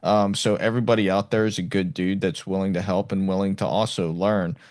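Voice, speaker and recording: An easygoing male podcast host with a fairly low voice, recorded dry and close with no room sound. He talks agreeably and casually, often repeating words as he goes. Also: steady tone, brisk, darkish tone, dry recording.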